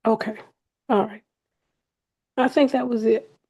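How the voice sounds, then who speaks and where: A woman, a student in an online class, explaining a problem over a video call in a hesitant, halting way. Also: on the high side, steady tone, warm tone, slightly rough, rough recording. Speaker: student asking a question.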